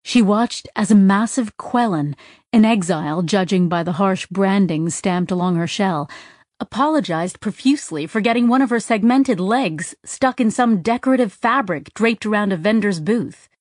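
A woman's voice: medium pitch, normal speed, a little mellow, no room sound, clean studio sound. A woman reading a science fiction story aloud as an audiobook narrator, with light voices for the characters. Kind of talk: scripted narration.

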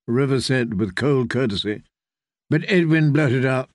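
A man narrating a fantasy audiobook in a brisk, even storytelling manner. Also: medium pitch, no room sound, studio quality.

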